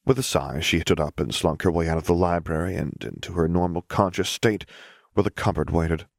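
A man reads a serialized story aloud in a steady, even manner. His voice sits very low, with a gravelly fry. The recording is dry and close to the mic. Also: brisk, dry recording. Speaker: audiobook reader. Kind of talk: audiobook narration.

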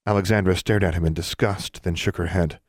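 A man narrating a fantasy novel audiobook in a calm, even reading. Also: low voice, fairly quick, no room sound, clean studio sound. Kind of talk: scripted narration.

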